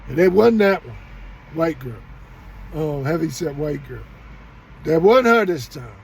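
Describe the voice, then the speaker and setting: Man, middle-aged, gravelly voice, pitched a bit high, rambling vlog monologue, faint background noise. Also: lively intonation, measured pace, low-quality recording. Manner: rambling, repeats and restarts, speaks to viewers as y'all. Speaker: vlogger. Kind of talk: casual storytelling monologue.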